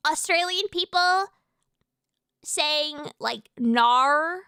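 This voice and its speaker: A young woman from the US chats on a live stream in a high, bright, smooth voice. She rambles excitedly and keeps restarting her sentences. The sound is dry and close to the mic. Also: a little slow, no echo. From United States. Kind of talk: casual live-stream chat.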